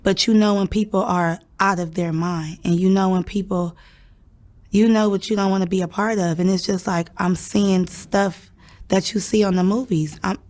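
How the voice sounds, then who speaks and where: A woman's voice: mid-range voice, steady tone, moderate pace, a little mellow. A young woman telling a story in a casual interview, chatting and acting out what people said. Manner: chatty, acts out quoted voices.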